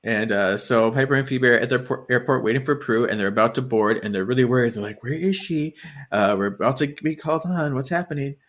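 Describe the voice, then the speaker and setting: A man co-hosting a podcast, casually recapping a novel and acting out the characters' lines with quick laughs. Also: mid-range voice. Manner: animated retelling, acts out characters' lines with laughs. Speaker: podcast co-host. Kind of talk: casual book-recap chat.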